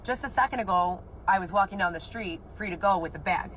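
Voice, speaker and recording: A woman's voice: medium pitch, fairly quick, fairly bright tone, slight background noise, low-quality recording. A woman telling her own story in an agitated, rambling way, swearing often. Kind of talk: emotional personal account.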